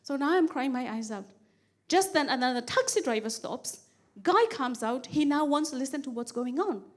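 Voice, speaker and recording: A woman comedian on a stage mic, with a high, bright voice. She tells her stories with animated energy and repeats phrases for comic build-up. Her quoted pleas are acted out. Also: normal speed. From Kenya. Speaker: stand-up comedian. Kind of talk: stand-up storytelling.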